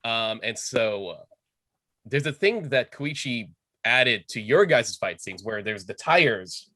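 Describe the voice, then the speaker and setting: A man moderating an online panel, eagerly sharing fan trivia. His voice has an average pitch. The sound is dry and close over a video call. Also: animated, takes it slowly, sharp tone, no room sound. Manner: eager, fan-knowledgeable explainer. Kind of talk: casual panel chat.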